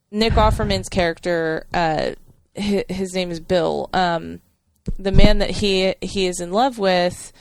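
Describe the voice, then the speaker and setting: A woman co-hosting a podcast, warmly retelling a TV episode in a rambling way with many fillers and restarts. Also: medium pitch, creaky, clean tone, dry recording. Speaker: podcast co-host. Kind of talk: casual chat.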